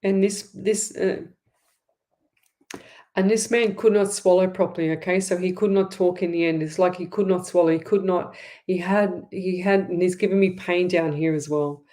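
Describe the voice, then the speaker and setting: A woman's voice: on the low side, fairly even intonation, normal speed, warm tone. A middle-aged Australian woman hosting a live psychic reading, chatty and rambling, often repeating herself. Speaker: psychic medium host.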